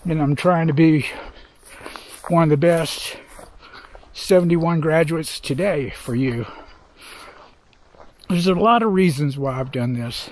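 A man's voice: on the high side, slow pace, long pauses, a little mellow. An older man vlogging outdoors on a hiking trail, talking in a heartfelt, rambling way and trying to hold back tears. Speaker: hiker vlogger. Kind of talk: reflective trail vlog.

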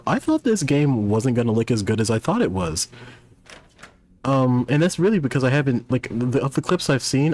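A man's voice: mid-range voice, darkish tone, a little hiss or hum. A man casually commenting while playing a horror game, chatty and self-deprecating with rambling asides, into a desk microphone. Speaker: gaming youtuber. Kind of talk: casual let's-play commentary. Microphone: desk microphone at a gaming setup.

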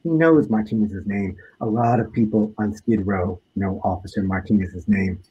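A man, an author, reading aloud from his own book in a measured, deliberate way. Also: fairly low pitch, husky, highs cut off.

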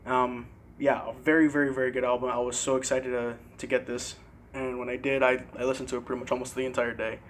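Young guy vlogging his cd collection, laid-back and halting, faint hum in the background. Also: mid-range voice. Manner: relaxed, hesitant with fillers and careful pronunciation. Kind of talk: casual CD collection show-and-tell.

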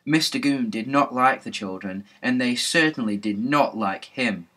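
Husky, bright male storyteller. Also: medium pitch, normal speed. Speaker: audiobook narrator. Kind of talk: reading a children's novel aloud.

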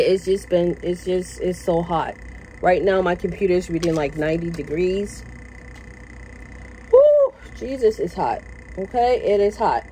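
Vlogging from indoors at her workplace, a woman chats to the camera, passionate and occasionally loud, repeating herself and ending lines with "okay?" Her voice is on the low side, and the rough recording carries slight background noise.

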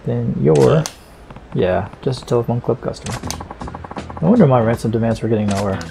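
A desperate, hot-headed kidnapper voiced by a man who blusters and threatens. His voice is gravelly and mid-pitched, with game music in the background. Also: animated, brisk. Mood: self-pitying.

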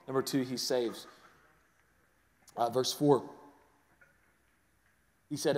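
A man preaching a sermon to a congregation, moving between hushed, intimate passages and rising emphatic ones, often restarting his words. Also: fairly high pitch, fairly even intonation, normal speed, pauses often, in a large hall. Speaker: pastor. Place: large church sanctuary.

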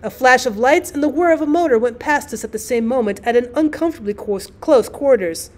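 A woman teacher reading a classic short story aloud as an audiobook, with expressive, dramatic storytelling. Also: high voice, fairly quick.

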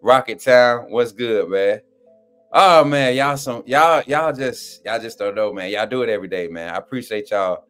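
A man's voice: mid-range voice, moderate pace, fairly bright tone, soft background music. A man hosting a sports fan live stream in loose, slangy casual chat, often cracking up with laughter.

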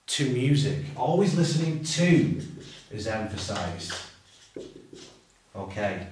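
A man explaining how he teaches English verb tenses, talking slowly and deliberately and drawing out his example phrases. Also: mid-range voice, expressive, a little hiss or hum. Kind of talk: teacher training walkthrough. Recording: roomy echo, voice far from the mic.

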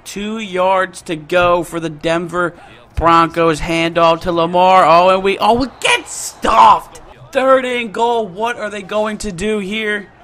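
A young man giving excited, slangy commentary over his own football video game, often shouting and laughing at big plays. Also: sits high, measured pace. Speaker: gaming YouTuber. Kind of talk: excited live gameplay commentary.

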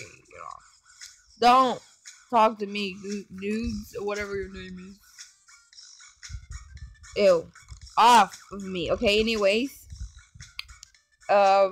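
A woman giving casual gameplay commentary on her phone, excitable and full of gasps and exclamations. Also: mid-range voice. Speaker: gaming channel host. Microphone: phone microphone while screen recording.

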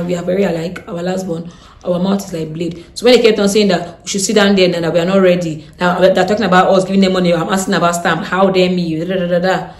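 A young Nigerian woman with a Nigerian accent, telling a story in a blunt, animated way with Pidgin turns of phrase. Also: fairly low pitch. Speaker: vlogger. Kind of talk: casual storytime. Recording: echoey room.

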